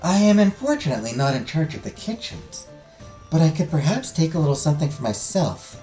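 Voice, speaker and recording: A man voicing a polite, reserved young woman who speaks softly, formally and hesitantly. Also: medium pitch, sing-song, fairly quick, close to an everyday voice. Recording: echoey room, faint music.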